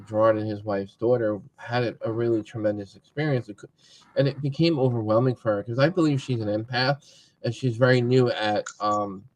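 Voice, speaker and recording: A man hosting a podcast in a relaxed, casual interview, giving easy agreeing replies. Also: medium pitch, fairly quick. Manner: relaxed, agreeable, many back-channel replies. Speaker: podcast host. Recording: dull lo-fi audio.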